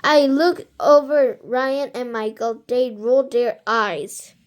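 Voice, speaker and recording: A woman reading a children's book aloud, halting now and then with slips and restarts. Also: on the high side, steady tone. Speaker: reader.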